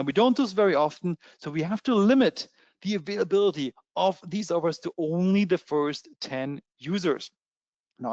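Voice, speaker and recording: A man with a German accent giving a fast, eager sales pitch in a trading webinar, with many fillers. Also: dry recording, dull audio. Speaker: webinar presenter.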